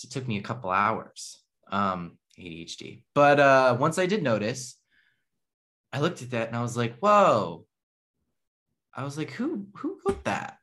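Casual male storyteller, rambling and self-correcting, average pitch. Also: a bit bright.

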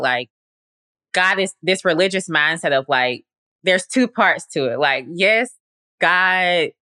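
Low-voiced woman in casual faith talk. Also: sharp tone, no echo, studio quality. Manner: conversational, frequent fillers, earnest. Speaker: podcast host.

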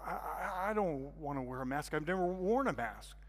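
A high-voiced man tells a sermon as a vivid story, jumping from quiet asides to shouted excitement. His voice carries a long reverb from a large hall. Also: moderate pace. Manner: animated, acts out scenes with sudden loud bursts. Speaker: guest speaker.

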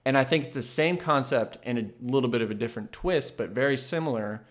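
An earnest man in an ordinary middle register shares his thoughts in a casual, reflective monologue. He thinks aloud and often restarts his sentences. He grows lively when he tells a story. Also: mid-range voice, fairly quick.

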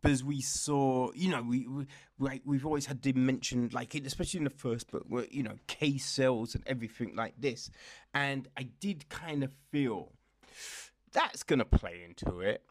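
A man's voice: mid-range voice, normal speed, no echo. A young man casually reviewing a book, rambling and chatty, with frequent laughs and quoted asides. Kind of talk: casual chat.

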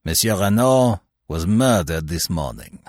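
A man's voice: sits low, animated, measured pace, a little mellow, dry recording, clean studio sound. A man voicing a stiff, officious French guard who speaks curtly and formally. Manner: curt and formal.

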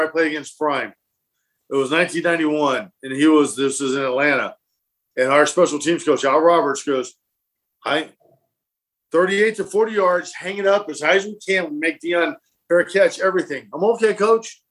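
A man with a slightly high voice tells old football stories as a guest. He talks casually and playfully, acting out the voices of the people in his stories. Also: normal speed. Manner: animated, acts out quotes and laughs. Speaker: former football punter, guest. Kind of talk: casual storytelling.

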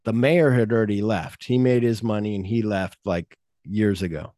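A man hosting a podcast, retelling a film script in a rambling, animated way and acting out bits of dialogue. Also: lowish voice, moderate pace, no room sound, clean studio sound. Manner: rambling, animated plot retelling with acted-out quotes. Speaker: podcast host. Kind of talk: casual podcast chat.

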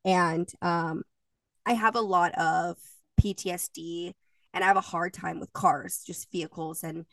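A woman's voice: lowish voice, steady tone, a little slow, a bit bright, dry recording, recorded from a distance. A woman in her thirties, co-hosting a podcast and telling stories in a chatty, emotional way, laughing often. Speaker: podcast co-host. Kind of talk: casual chat.

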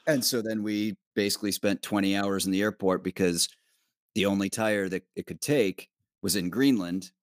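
A man's voice: fairly low pitch, steady tone, moderate pace, dry recording, studio quality. A man, a documentary producer guest, telling a loose travel story with fillers and swearing. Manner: loose, profane, many fillers. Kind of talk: casual storytelling chat.

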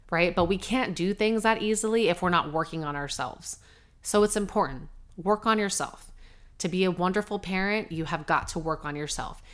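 Earnest middle-aged mom host, candid solo chat, laughs easily, slightly low voice. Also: female voice, fairly bright tone. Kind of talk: casual monologue.

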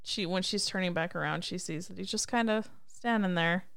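A woman's voice: fairly low pitch, fairly quick, gravelly, fairly bright tone, smooth. A woman co-hosting a podcast, chatting casually through a recap, laughing often and acting out what characters say. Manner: laughs often, acts out characters' lines in quotes. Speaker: podcast co-host.

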